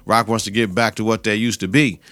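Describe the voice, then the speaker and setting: A man's voice: fairly low pitch, steady tone, fairly quick, a bit bright, no room sound. A male podcast host giving a casual, profane, slang-heavy recap of a TV episode and quoting the characters' lines.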